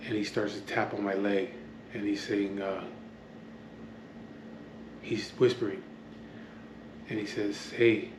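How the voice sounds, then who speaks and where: A man's voice: on the low side, little pitch movement, slow pace, long pauses. Guy vlogging from home, swears a lot, keeps going off on tangents, roomy echo with faint noise behind. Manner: rambling, swears often, trails off into asides. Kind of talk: casual storytelling to camera. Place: at home, near an open door to the street.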